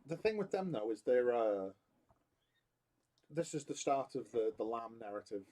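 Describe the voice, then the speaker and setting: Animated man in casual chat. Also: mid-range voice, moderate pace. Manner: animated, swearing, mocking voices. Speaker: podcast co-host.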